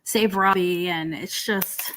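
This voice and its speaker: Her voice is fairly low, a bit bright, slow, and fairly even in intonation. As host of a casual drama commentary stream, this woman rambles with many ums and restarts in an exasperated, sarcastic way.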